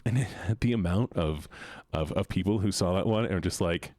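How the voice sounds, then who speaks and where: A man's voice: low-pitched, moderate pace, darkish tone, no echo, studio quality. A man streaming a game live, chatting casually with his chat, joking and laughing often, at a desk mic at home.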